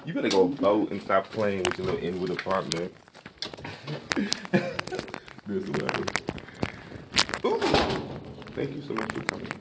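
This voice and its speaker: Joking New comedian with lively pitch. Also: male voice, measured pace, pauses often. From Brooklyn, New York. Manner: joking, laughs often, loud teasing. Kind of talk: casual street banter. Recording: noisy street recording.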